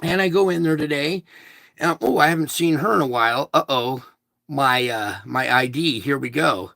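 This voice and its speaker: A man in his fifties vlogs to his viewers in a rambling, emphatic rant, frequently checking in with "okay?". His voice is a little high, creaky, pushed and bright, at normal speed, on a dry recording.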